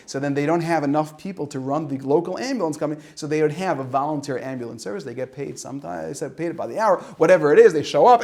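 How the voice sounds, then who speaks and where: A middle-aged man, a rabbi giving an informal Torah talk to high school students, telling stories with acted-out dialogue and Yiddish and Hebrew words mixed in. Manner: animated storytelling with acted-out dialogue and asides.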